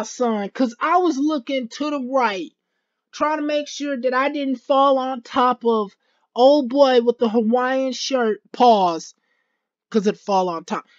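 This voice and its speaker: A woman hosting a gaming video, commentating a let's play with excited yelps, shouts and slangy chatter. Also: high-pitched, lo-fi sound. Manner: slangy, repeats phrases rapidly.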